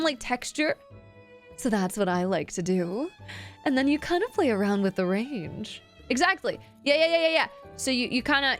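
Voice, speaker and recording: A woman streamer giving a casual, rambling voice acting lesson to her chat, often dropping her voice low to demonstrate.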